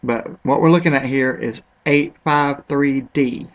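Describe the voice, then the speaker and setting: Guy rambling casually through product comparisons, mid-pitched, kinda unsure of words. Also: a little slow. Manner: offhand, rambling, unsure of pronunciations. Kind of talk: casual screen-recorded commentary.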